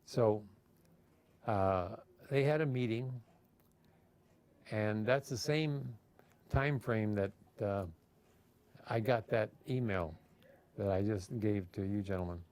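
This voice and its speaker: A man's voice: fairly low pitch, slow, pauses often, a little mellow. A man talking casually as an interviewee, rambling with frequent fillers and restarts. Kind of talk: casual storytelling.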